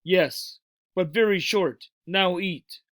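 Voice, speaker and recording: A man's voice: high-pitched, slow, a bit bright, no echo, clean studio sound. A man voicing a tiny, stern, proud warrior who speaks in short clipped phrases, as a storybook read-aloud. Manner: gruff, broken clipped phrases.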